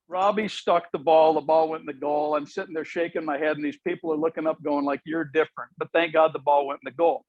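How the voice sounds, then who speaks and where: A man, a soccer referee, telling a self-mocking story at an officials' meeting in a lively, animated way. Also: a little high, fast, hardly any pauses, dry recording, dull audio.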